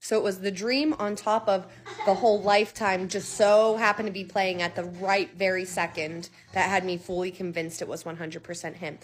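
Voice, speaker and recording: A woman's voice: medium pitch, steady tone, normal speed. A woman around thirty telling a personal story in a casual storytime, earnest and candid, stressing points by repeating words. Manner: earnest and candid, occasional swearing.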